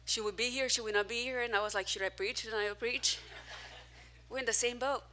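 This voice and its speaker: A woman pastor preaching a sermon in a church, animated and self-mocking, swinging between loud and soft. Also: on the high side, a little fast, slight background noise. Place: church hall, preaching to a small crowd.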